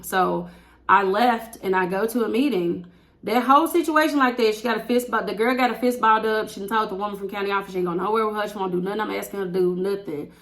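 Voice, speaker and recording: Black woman venting a teacher story, gravelly edge, big exasperated outbursts. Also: medium pitch. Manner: animated storytelling, acting out quotes with exasperated outbursts. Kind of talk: casual storytime vlog.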